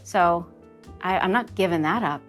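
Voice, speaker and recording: Chatty, lively woman from New Jersey. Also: lowish voice, soft background music. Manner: lively and chatty, laughing and dropping into quick character voices. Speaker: voice actress guest. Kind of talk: casual interview talk.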